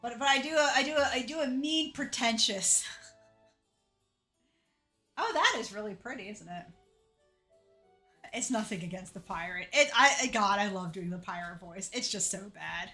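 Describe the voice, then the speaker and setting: A woman giving casual commentary as she plays a game, jokey and self-mocking and quick to laugh. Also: medium pitch, pushed and bright, soft background music. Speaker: let's play streamer.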